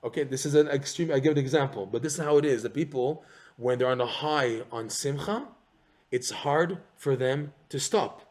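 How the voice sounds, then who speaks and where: A man giving an animated Torah class, repeating phrases and firing rhetorical questions. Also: medium pitch, normal speed. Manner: excitable, rhetorical questions, repeats phrases, mixes in Hebrew terms. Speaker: Torah teacher.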